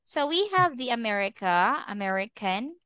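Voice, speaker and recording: A woman English teacher giving a slow, patient online lesson over a video call. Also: a little high, big pitch swings, sharp tone, no room sound.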